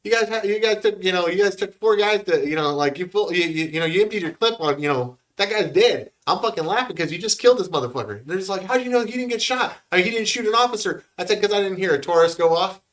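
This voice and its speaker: A man telling a story in casual podcast chat, profane and animated. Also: sits high, quick pace, few pauses.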